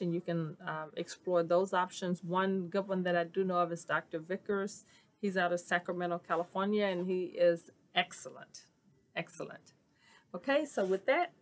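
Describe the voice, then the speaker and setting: Chatty woman teaching signs. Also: on the low side. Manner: chatty, many fillers, repeats each sign word slowly. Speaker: sign language vocabulary teacher. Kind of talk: casual instructional video.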